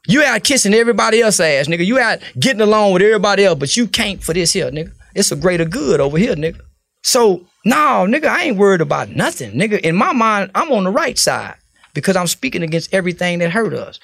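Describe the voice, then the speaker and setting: Blunt, profane guest, gravelly and high-pitched, dry close mic. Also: male voice, big pitch swings, fast, a bit bright, no room sound. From Texas. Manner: blunt, profane, preacher-like storytelling. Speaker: podcast guest. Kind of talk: casual interview talk.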